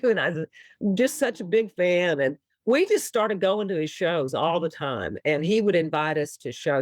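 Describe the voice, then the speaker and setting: Sitting low in pitch with no echo, this woman's voice carries a Texan accent from Austin. She's a musician being casually interviewed, animatedly telling stories, acting out what people said, and laughing often.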